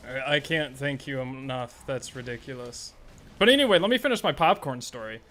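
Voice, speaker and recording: A young man chatting casually on a live gaming stream, excitable and rambling, swearing freely. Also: medium pitch, a little fast, a little hiss or hum.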